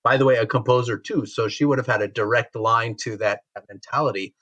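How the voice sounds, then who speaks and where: Podcast cohost guy, bright edgy voice, lots of ums, casual chat. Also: mid-range voice, fairly even intonation, fairly quick, low-quality recording. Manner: hesitant, many fillers. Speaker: podcast co-host. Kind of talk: casual conversational interview.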